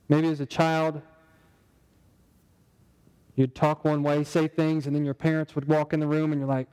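A man's voice: a little high, monotone, normal speed, darkish tone, clear, resonant tone, in a large hall, poor audio. A man preaching a sermon in a conversational way, asking the congregation rhetorical questions. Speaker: pastor.

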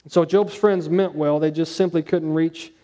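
A man preaching a conversational sermon, asking his listeners questions and dropping to a hushed tone on key points. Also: fairly high pitch, fairly even intonation, normal speed. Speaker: pastor.

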